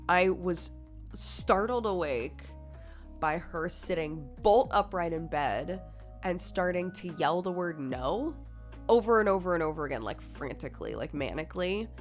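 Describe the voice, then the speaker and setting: A woman streamer chatting casually with her viewers, telling a story with lots of "like" fillers and bursts of laughter. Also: lowish voice.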